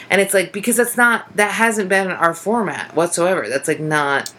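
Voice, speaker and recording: A woman's voice: mid-range voice, moderate pace, few pauses, a bit bright. A young woman comedian co-hosting a podcast, chatting casually in a rambling way, swearing freely and acting out quotes. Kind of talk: casual chat.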